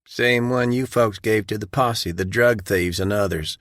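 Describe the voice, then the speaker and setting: A man voicing a smooth, commanding male federal official who speaks in a cold, formal way. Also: on the low side, a little slow, fairly bright tone, no room sound, clean studio sound.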